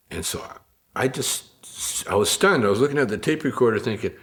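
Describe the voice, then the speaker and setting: A comedian telling rambling stories in an interview, often laughing. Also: male voice, on the low side, expressive, a little fast. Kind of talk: anecdotal interview storytelling.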